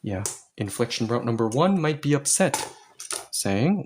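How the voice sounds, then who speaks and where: A man's voice: medium pitch, sing-song, measured pace, background noise. A man teaching Korean grammar to learners, explaining each step patiently and with a playful touch.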